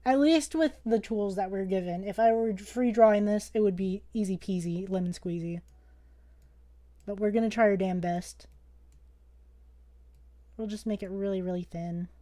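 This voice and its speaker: A young woman teaching a casual live-streamed drawing lesson, playful and joking, excitable, with casual swearing. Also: medium pitch, normal speed, pauses often.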